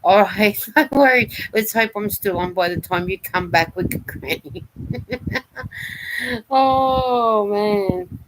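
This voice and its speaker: A woman's voice: medium pitch, takes it slowly, low-quality recording. A woman hosting a knitting livestream, casually reading out chat comments, giggly and playful with how words are said.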